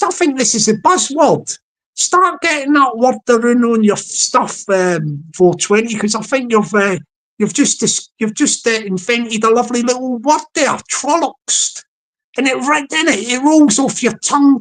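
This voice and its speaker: A woman's voice: fairly high pitch, a little slow. A woman hosting a casual livestream, rambling and repeating herself as she chuckles and talks to her chat viewers. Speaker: livestream host.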